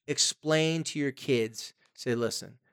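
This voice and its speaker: A man's voice: medium pitch, normal speed. Emphatic man giving parenting advice. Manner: emphatic, acts out quoted parents and teens. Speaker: podcast co-host. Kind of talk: casual advice chat.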